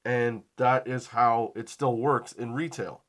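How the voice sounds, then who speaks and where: A man hosting a comedy podcast, telling a story from behind a shop counter in a casual, animated way, acting out both sides of the conversation and laughing often. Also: medium pitch, slow pace. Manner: conversational, says "okay?" and "dude" often. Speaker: podcast host.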